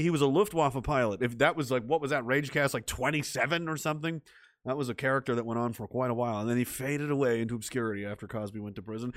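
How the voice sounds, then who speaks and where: A man's voice: medium pitch, fast, no room sound, clean studio sound. A man reading viewer messages on a livestream, ranting and swearing, trailing off into mumbled asides. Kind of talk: profane livestream chat reading.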